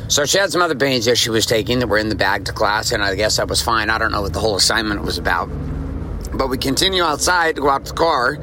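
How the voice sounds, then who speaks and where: A man's voice: on the low side, expressive, fast talker, noisy background. A middle-aged man hosting a podcast, telling a casual story and repeating his key lines for emphasis. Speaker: podcast host.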